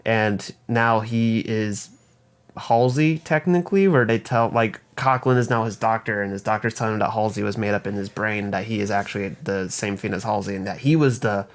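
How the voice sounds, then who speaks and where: A man's voice: lowish voice, normal speed. A young man co-hosting a podcast, retelling a movie's plot in a rambling, swear-heavy way. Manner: profane, rambling plot retelling with mock voices for characters. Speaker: podcast co-host. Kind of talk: casual film recap.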